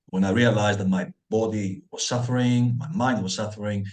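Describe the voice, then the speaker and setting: A man's voice: fairly low pitch, normal speed, few pauses. A middle-aged man from Greece, a guest on an interview podcast, telling his life story with lots of fillers and acted-out dialogue. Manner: animated storyteller acting out dialogue, many fillers.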